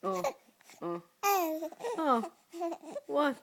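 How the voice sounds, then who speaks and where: A woman's voice: high-pitched, very animated, drawn-out words, gravelly, a little hiss or hum. A woman talking baby talk to her infant son, cooing and asking the same short questions over and over.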